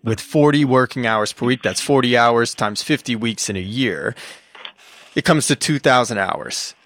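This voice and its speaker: A man's voice: medium pitch, expressive, moderate pace, a bit bright. A man co-hosting a podcast, explaining things step by step with dry humor. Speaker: podcast co-host. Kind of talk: casual banter.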